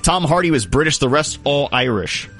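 A man's voice: a little high, lively intonation, moderate pace, fairly bright tone, faint music behind. A man hosting a casual comedy quiz, playfully reading out questions and multiple-choice options. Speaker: game show host.

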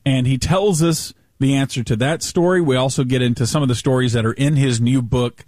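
A man hosting a podcast and introducing the episode. He speaks in a relaxed way with the odd chuckle, recorded dry and close with no room sound. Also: mid-range voice, a little fast, dry recording. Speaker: podcast host. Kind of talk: show introduction.

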